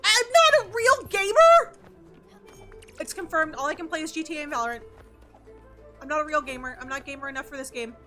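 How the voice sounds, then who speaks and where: Excitable, foul-mouthed woman streamer. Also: high-pitched, brisk, long pauses, over music. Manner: excitable, swears freely, chats with viewers. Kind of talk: casual gaming livestream.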